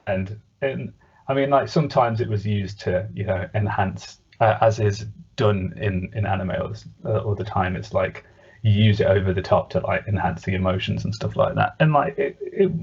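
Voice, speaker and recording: A low-voiced English man co-hosting a podcast, speaking haltingly and restarting his thoughts often. His voice is husky, and the recording sounds dull and lo-fi. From England. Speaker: podcast co-host. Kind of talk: casual chat.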